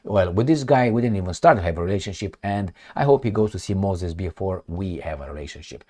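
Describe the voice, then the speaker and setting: A man's voice: lowish voice, very animated, brisk, darkish tone. A man giving opinionated political commentary, sarcastic and mocking, full of rhetorical questions and restarts. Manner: speaks in short bursts with frequent restarts and rhetorical questions.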